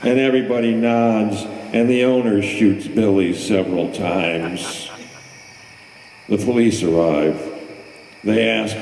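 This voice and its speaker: Man, host and poet, dry storytelling, low voice, echoey hall, faint hum. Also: a little slow, gravelly, darkish tone. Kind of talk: poetry reading. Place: hall at a poetry event.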